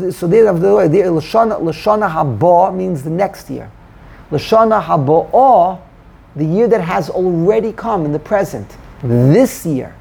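A man leads a Torah study class with a gravelly, husky voice. He explains the text, weaving Hebrew terms into his English. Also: sits high, animated, moderate pace, darkish tone.

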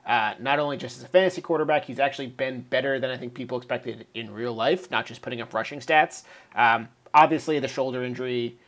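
Measured male podcast guest. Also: medium pitch, a bit bright. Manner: measured, weighs options aloud. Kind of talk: casual podcast chat.

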